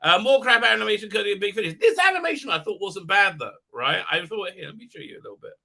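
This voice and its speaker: Middle-aged male livestream host, rambling casual chat, sharp tense tone, slightly high voice. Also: fast, vocal fry. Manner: rambling, animated, with many restarts. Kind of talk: casual live-stream chat, reading viewer comments.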